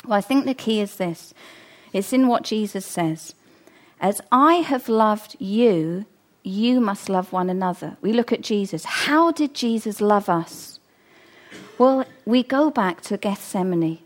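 A woman's voice: mid-range voice, unhurried. A middle-aged woman preaching a sermon, earnest and emphatic, repeating her key phrases.

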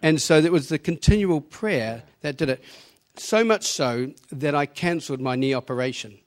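A man's voice: fairly high pitch, expressive, moderate pace. A man from New Zealand with a New Zealand accent, telling his story plainly to a church congregation. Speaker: church member giving testimony. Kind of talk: personal testimony.

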